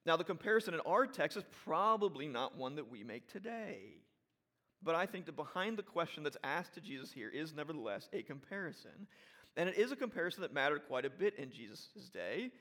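A man's voice: fairly high pitch, sing-song, brisk, a bit bright. A middle-aged man, a pastor preaching a sermon in a conversational way, often checking in with the congregation and repeating phrases for emphasis. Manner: repeats and restarts phrases while building emphasis.

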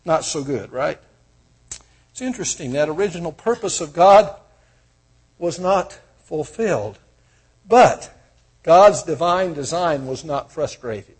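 An older man with a husky voice preaching a sermon, moving from quiet storytelling to loud, fervent proclaiming. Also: a little high, animated, measured pace, long pauses. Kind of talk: sermon with personal stories.

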